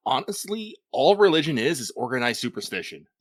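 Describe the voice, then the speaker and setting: A man's voice: medium pitch, big pitch swings, fairly quick, dry recording, clean studio sound. A man co-hosting a podcast in casual chat, talking in long runs full of swearing and self-corrections. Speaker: podcast co-host.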